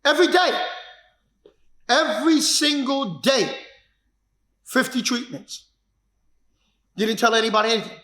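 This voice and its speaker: A martial arts instructor telling his own story in an emphatic, repetitive way that builds to shouts. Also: extremely high pitch, animated, measured pace, pauses often. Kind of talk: personal storytelling. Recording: echoey room.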